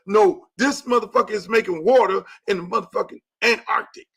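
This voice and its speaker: A man hosting a show, ranting about football with loud, profane, emphatic repetition. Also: sits high, brisk, hardly any pauses, slightly rough. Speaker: talk show host; high school football coach. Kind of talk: profane sports rant.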